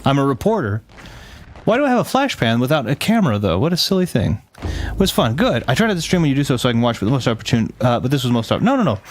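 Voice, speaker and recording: A man with a medium-pitched voice, big pitch swings and a fast delivery is heard over slight background noise. Playing a game on a live stream, he chats with viewers and reads game text aloud, rambling and often restarting or correcting himself mid-thought.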